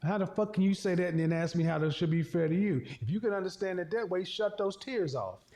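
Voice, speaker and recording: A man's voice: high-pitched, quick pace, darkish tone. A man hosting an advice show, lecturing a caller bluntly and with profanity. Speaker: relationship talk show host.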